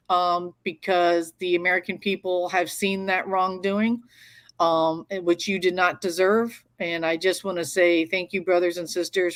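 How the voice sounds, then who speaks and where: A woman's voice: fairly low pitch, fairly bright tone. A woman veteran appearing as a guest in an interview, speaking in an earnest, reflective way. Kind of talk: casual interview chat.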